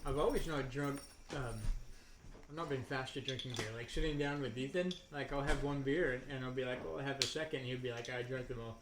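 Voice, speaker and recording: A podcast host with a brisk, mid-range voice chats casually with friends at home, laughing and rambling through funny stories while acting out the voices of the people in them. The home recording is noisy.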